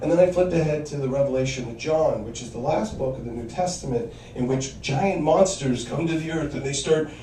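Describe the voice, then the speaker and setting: A man's voice: on the high side, fairly quick, hardly any pauses, mellow, roomy sound, distant mic, slight background noise, rough recording. A man performing a stand-up comedy set, telling wry stories and acting out quoted voices.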